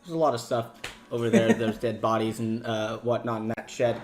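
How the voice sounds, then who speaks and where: A man's voice: mid-range voice, level tone, brisk, faint music behind. A man playing a tabletop role-playing game in casual chat, intense, swearing and laughing often. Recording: roomy echo.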